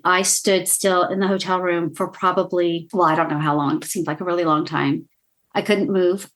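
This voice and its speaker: A woman in her sixties speaks in a somewhat low voice as a podcast guest. She tells a painful personal story with tearful emotion. Her speech is halting, full of restarts and stutters. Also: fairly bright tone. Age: 60s.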